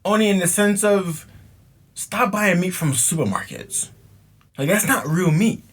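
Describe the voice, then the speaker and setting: A man's voice: high voice, measured pace. A man co-hosting a podcast, telling stories in a casual chat full of slang and acting out the people he quotes. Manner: animated storytelling, slangy, acts out both sides of exchanges. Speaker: podcast co-host.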